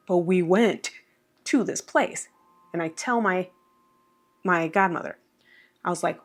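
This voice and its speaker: Animated woman telling a true story. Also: fairly low pitch, unhurried, pauses often. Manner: animated, acts out quotes, many fillers. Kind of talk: casual personal storytelling.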